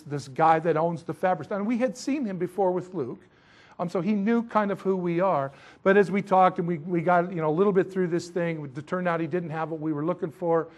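A middle-aged man preaching in a rambling, chatty way, with self-mocking asides. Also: a little high. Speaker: pastor. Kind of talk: sermon with missionary stories.

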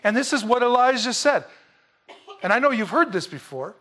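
A man's voice: very high voice, sing-song, moderate pace, sharp tone. A man preaching a sermon in a conversational, emphatic way, with folksy asides to the congregation.

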